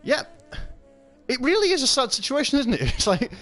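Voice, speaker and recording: A man's voice: very high voice, sing-song, a little fast, long pauses, a bit bright, faint music behind. A British man ranting sarcastically and swearing while giving casual gaming commentary, a little tipsy. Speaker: gaming channel host.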